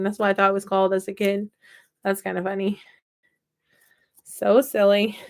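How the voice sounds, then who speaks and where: A playful, chatty woman in her thirties tells funny little stories as she works on a craft project. Her voice sits at an ordinary middle pitch, and she talks in an easygoing, unscripted way while her hands stay busy. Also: flat delivery, normal speed, pauses often. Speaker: toy repair vlogger. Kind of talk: casual chat while crafting.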